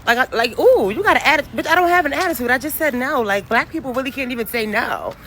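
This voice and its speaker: A woman with a high voice rants loudly and with exasperation, swearing as she goes. Faint noise hums in the background of this casual phone clip. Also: lively intonation, fast talker. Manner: loud, exasperated, profane ranting. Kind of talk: ranting social media clip.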